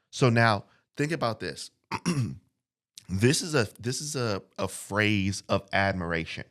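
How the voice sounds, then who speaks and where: Male podcast preacher, lowish voice, earnest and repetitive teaching. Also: lively intonation, fairly bright tone. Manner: repeats phrases, reflective and earnest, reads scripture slowly. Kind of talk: casual sermon. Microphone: studio mic.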